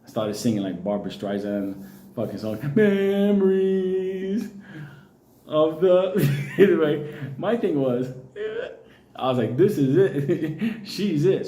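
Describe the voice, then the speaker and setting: A man's voice: mid-range voice, dark tone, echoey room, slight background noise. A Puerto Rican man telling a long personal story in a casual, profane way, often laughing.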